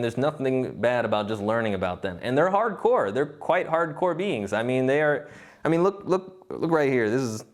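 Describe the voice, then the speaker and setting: A young man talks through a lesson in a loose, conversational way. His voice leaps up high when he gets excited and drops low when he goes quiet. He stumbles and restarts often, and he acts out other people's lines as he goes. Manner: animated, restarts often, quotes beings in acted voices. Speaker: remote viewing teacher. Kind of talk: casual spoken lesson.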